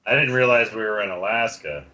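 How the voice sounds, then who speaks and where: A man's voice: lowish voice, brisk, sharp tone, dull audio. A man playing in a tabletop game, speaking in a dry, matter-of-fact way. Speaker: player. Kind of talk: casual tabletop play.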